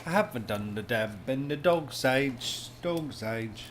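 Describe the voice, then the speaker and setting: A man's voice: mid-range voice, lively intonation, slow pace, a little hiss or hum, rough recording. A man co-hosting a podcast in casual, rambling chat while watching a show. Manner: laid-back, rambling, laughs and coughs. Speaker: podcast co-host.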